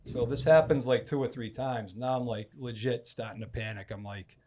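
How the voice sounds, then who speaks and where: A man from Massachusetts on a podcast, telling a long fishing story in a casual, animated way and acting out other people's lines. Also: mid-range voice, moderate pace. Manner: animated storyteller, acts out quoted speech with loud bursts. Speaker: podcast guest.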